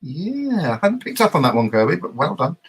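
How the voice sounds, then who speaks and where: A man's voice: a little high, very animated, a little fast, breathy edge. A man hosting a casual live podcast, recapping an episode in a meandering way with frequent hesitations. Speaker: podcast host.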